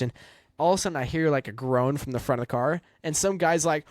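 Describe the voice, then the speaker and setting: A man's voice: a little high, racing, no room sound, studio quality. A young man, a race car driver, telling a personal story in a casual, reflective way with lots of fillers. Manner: reflective, rambling with many fillers.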